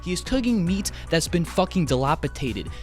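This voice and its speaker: A man's voice: on the high side, sing-song, moderate pace, loud music behind the voice. A man ranting in an online commentary video, exasperated and swearing heavily as he jumps between tangents. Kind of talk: profane commentary rant.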